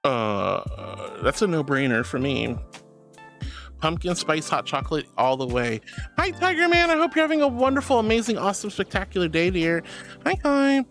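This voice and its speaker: A bubbly woman streamer chats with her viewers warmly and affectionately, calling them darling and sweetheart. Her voice jumps up and down with animated pitch. Soft music plays quietly in the background. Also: moderate pace. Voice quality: squeaky laugh. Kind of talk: live-stream chat reading.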